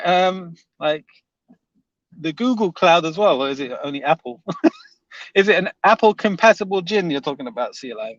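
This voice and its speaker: A man's voice: fairly high pitch, animated, moderate pace, a bit bright, no room sound, muffled recording. A man hosting a casual livestream, reading viewer comments aloud and teasing them, laughing often.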